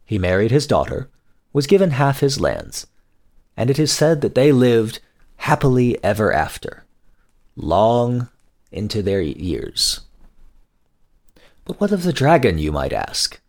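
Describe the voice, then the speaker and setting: A man narrating a scripted folk tale in a measured storytelling manner. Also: mid-range voice, sing-song, darkish tone.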